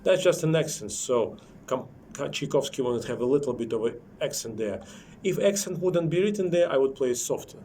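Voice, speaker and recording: A man's voice: mid-range voice, expressive, brisk. A man teaching a private piano lesson, explaining shaping and balance in slightly non-native English while he plays and sings rhythms. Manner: corrective, explains while playing and singing rhythms.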